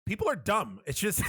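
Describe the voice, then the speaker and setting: Rich: A man with a slightly higher voice talks on a casual podcast, swearing freely and getting animated as he retells scenes with quick impressions. The sound is dry and close to the mic. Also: dry recording. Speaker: podcast co-host.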